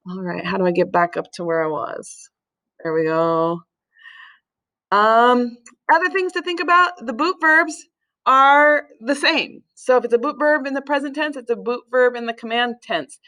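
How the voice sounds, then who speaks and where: A woman Spanish teacher explaining grammar patiently, with fillers and pauses. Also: a little high, a bit bright. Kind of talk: recorded classroom lesson.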